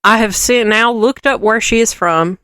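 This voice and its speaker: A woman with a Southern US accent, co-hosting a podcast in casual, teasing, animated chat. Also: a little high, normal speed, clean tone, dry recording, studio quality. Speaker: podcast co-host.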